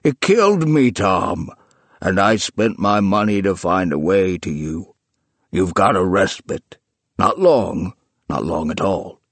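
A man's voice: low-pitched, lively intonation, slow, fairly bright tone, no room sound, heavily acted. A man voicing an earnest elderly man who coaxes and pleads. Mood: pleading. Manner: urgent, coaxing, pleading.

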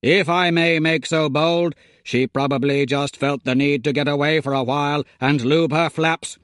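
A man's voice: fairly high pitch, fairly even intonation, moderate pace, a bit bright, dry recording, clean studio sound, close to an everyday voice. A man voicing a jovial, polite male robot butler who talks in chummy, old-fashioned slang. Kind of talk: audiobook character voice.

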